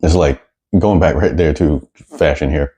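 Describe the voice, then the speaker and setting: Very deep, husky-voiced man commentator. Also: a little slow, mellow. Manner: blunt, sarcastic, repeats words when worked up. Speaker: YouTube commentator reacting to news clips. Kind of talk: casual reaction commentary.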